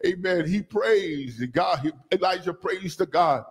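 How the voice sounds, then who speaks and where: A man preaching a sermon as bishop, calling on the congregation to repeat after him and rising to shouts. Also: high-pitched, expressive, measured pace, gravelly, husky. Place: church sanctuary.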